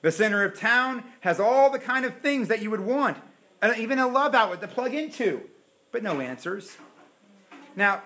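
Pastor guy preaching, high voice, big swings loud to quiet, roomy echo. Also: animated, moderate pace, a little hiss or hum. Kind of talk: sermon. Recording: echoey room.

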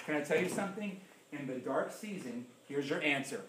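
A man preaching a sermon in church, acting out quoted prayers and swinging between loud bursts and hushed asides. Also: fairly high pitch, lively intonation, brisk. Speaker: pastor.

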